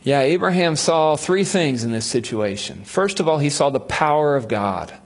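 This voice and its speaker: A man's voice: on the high side, animated, normal speed. A male pastor preaching a sermon, telling a Bible story with humor and acting out the voices of its figures.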